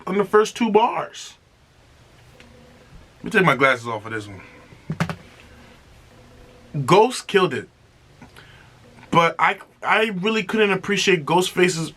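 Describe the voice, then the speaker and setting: Excitable man hosting a reaction video. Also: on the high side. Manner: excitable, exclamatory, repeats himself. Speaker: music reaction host. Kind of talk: casual reaction commentary.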